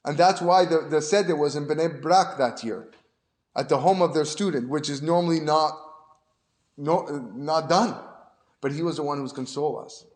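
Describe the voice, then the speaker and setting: A man teaching as a rabbi, his voice sitting a little high. He tells the story with feeling and climbs sharply when he makes a point. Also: moderate pace. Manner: storytelling, rises animatedly for emphasis. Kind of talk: Torah lesson.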